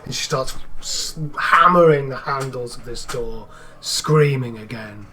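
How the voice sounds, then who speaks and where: A man narrating as game master in a tabletop role-playing game, describing the scene in quick, plain words. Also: mid-range voice, pushed and bright.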